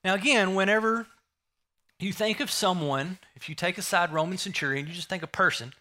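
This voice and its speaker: A man's voice: high voice, a little fast, bright, forceful tone. A man preaching a sermon, emphatic, repeating key phrases and asking the listeners rhetorical questions.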